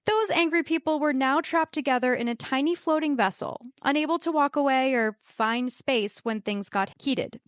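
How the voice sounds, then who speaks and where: A woman telling a comedic true story to a live audience with wry, deadpan asides. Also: high-pitched, moderate pace, hardly any pauses, no echo, studio quality.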